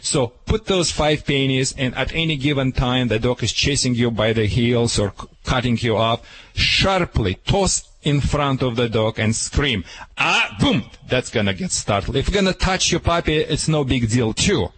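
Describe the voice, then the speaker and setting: A man with a foreign accent giving dog training advice on a radio show, emphatic and demonstrative, barking out sharp commands. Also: mid-range voice, lively intonation, moderate pace, poor audio. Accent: foreign accent in English. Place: radio studio.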